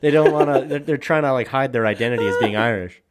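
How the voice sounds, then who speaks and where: A man's voice: medium pitch, quick pace, very noisy. A young man co-hosting a podcast, rambling and joking crudely in casual banter with lots of fillers and laughs. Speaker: podcast co-host.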